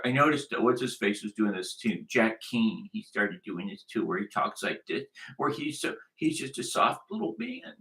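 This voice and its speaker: A man's voice: mid-range voice, sharp tone. A man delivering a combative, repetitive commentary monologue, hammering his points with emphasis. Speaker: online commentator.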